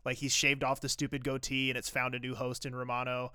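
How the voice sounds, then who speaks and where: Bright, crisp-voiced man chatting casually. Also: medium pitch, monotone, fast talker, no room sound, studio quality. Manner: chatty, fills with "like", laughs often. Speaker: podcast co-host. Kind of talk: casual chat.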